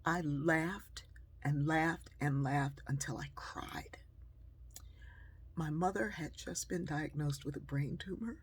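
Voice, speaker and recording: A woman telling a personal story at home, animated and shifting between loud and hushed delivery. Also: low voice, slow pace, slightly rough. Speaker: storyteller and speaker. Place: at home by a sewing machine.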